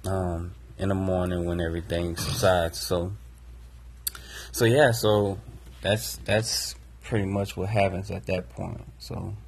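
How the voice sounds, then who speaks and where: Male podcast co-host, low husky voice, earnest reflective storyteller. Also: flat delivery, measured pace. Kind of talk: personal storytelling.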